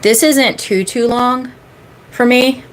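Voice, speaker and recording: A woman in her thirties speaks slowly in a fairly high voice. She's a manifestation coach chatting casually during a live-stream Q&A, rambling with plenty of fillers and repeating key phrases for emphasis.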